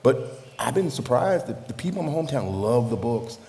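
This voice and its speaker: A man's voice: mid-range voice, big pitch swings, fairly quick, warm tone. A man from the southern United States, an author on a panel, joking and laughing often as he talks. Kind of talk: panel talk. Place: live event venue. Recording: reverberant hall with faint noise.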